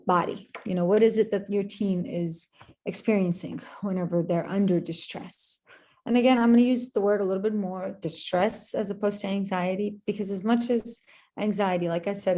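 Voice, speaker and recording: A woman therapist addresses parents in an online presentation, with a lowish, mellow voice. She is earnest and repeats her points for emphasis. Her speech is dotted with "you know" and "um".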